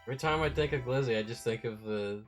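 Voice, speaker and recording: A man in casual stream chat, animated and swearing a lot while telling stories. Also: mid-range voice, fast talker, faint music behind.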